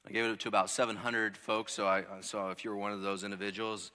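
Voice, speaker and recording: A pastor in his thirties preaching a sermon, rising to loud emphatic lines and dropping to soft ones, often repeating words as he restarts. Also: lowish voice, level tone, fast talker, clear, resonant tone, in a large hall.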